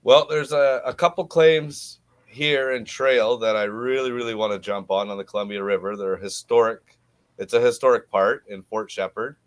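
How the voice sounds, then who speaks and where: A man's voice: mid-range voice, fairly even intonation, normal speed, clear, resonant tone, no room sound. A man talking as a guest on a podcast, an easygoing storyteller who laughs easily. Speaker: podcast guest, gold prospector. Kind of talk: casual podcast interview.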